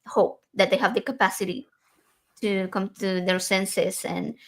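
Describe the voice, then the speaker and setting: A woman's voice: mid-range voice, steady tone, unhurried, a bit bright. A woman talking earnestly and personally in a casual podcast conversation, with frequent fillers and restarts.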